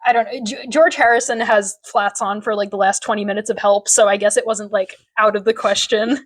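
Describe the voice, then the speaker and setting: A woman co-hosting a podcast recaps a TV episode in casual conversation, at medium pitch and a moderate pace. She laughs often and acts out quoted lines.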